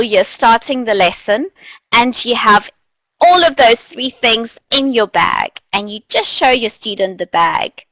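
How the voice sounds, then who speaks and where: Slow, playful woman teacher trainer. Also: a little high, no echo, poor audio. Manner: animated, demonstrative, playful voice changes. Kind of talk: online teacher training talk.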